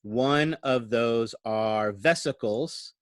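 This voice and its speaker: In this echo-free recording, a male college lecturer with a mid-range voice draws out his words while delivering an online lecture into a computer microphone. He explains conversationally and keeps checking in with "right?"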